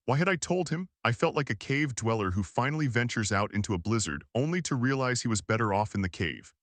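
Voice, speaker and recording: A man narrating an audiobook in the first person, calm and measured. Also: medium pitch, no echo.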